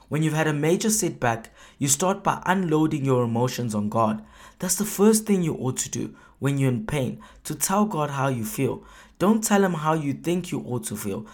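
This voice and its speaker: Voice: mid-range voice, darkish tone. A preacher giving a sermon in an emphatic manner, asking rhetorical questions and acting out quoted prayers with feeling.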